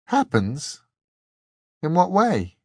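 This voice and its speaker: A man reading an audiobook, voicing an earnest, soft-spoken young woman with a pixie air. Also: on the high side, wildly swooping pitch, drawn-out words, husky, no room sound, clean studio sound, voice pushed up, heavily acted.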